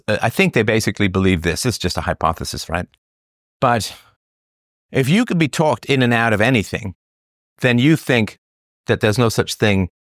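A man hosting a solo show, arguing his point in animated, sarcastic commentary with laughing asides. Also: lowish voice, no echo, studio quality. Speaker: host.

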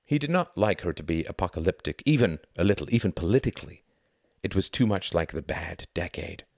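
A man giving expressive scripted narration of a novel. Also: low-pitched, a little fast, vocal fry, no room sound, clean studio sound. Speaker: audiobook narrator.

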